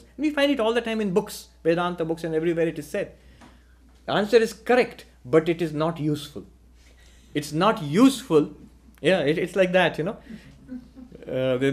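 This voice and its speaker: A man teaching a philosophical lecture in a measured way, posing rhetorical questions to his listeners. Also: fairly high pitch. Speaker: spiritual teacher.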